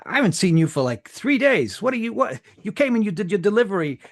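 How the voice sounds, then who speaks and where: A man voicing Darren, a defensive male street dealer who shouts and curses indignantly. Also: sits high, sing-song, quick pace, pitched above the performer's own voice.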